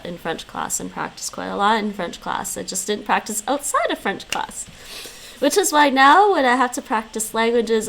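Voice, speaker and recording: A woman's voice: medium pitch, gravelly, a bit bright, a little hiss or hum. A woman streaming, chatting casually and laughing often as she reacts. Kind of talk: casual live-stream chat.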